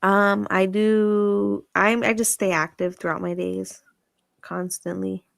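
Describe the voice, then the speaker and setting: A woman with a gravelly, fry-heavy voice, recorded dry and close. She answers bluntly and frankly as a dating show contestant. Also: medium pitch, little pitch movement, slow pace, no room sound. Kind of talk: casual chat.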